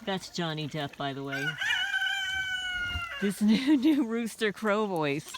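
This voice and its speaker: A woman's voice: mid-range voice, very animated, slow pace, heavy background noise. A woman vlogging casually from her homestead, rambling and aggrieved with wry asides. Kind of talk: casual walk-and-talk vlog. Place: outdoors on a small homestead near a chicken coop. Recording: outdoor recording with crowing roosters and clucking hens.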